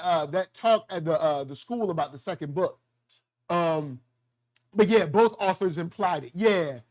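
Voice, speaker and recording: Slangy man riffing on a TV show. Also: sits high. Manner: slangy, animated, acts out quotes in voices. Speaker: show host. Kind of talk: casual TV review chat.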